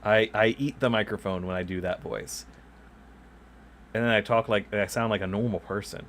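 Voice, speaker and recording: Rambling streamer man, bright tense voice. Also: on the low side, steady tone, normal speed, slight background noise. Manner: rambling, chuckles often, self-mocking. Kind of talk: casual chat while gaming. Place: home desk. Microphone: desk microphone beside him.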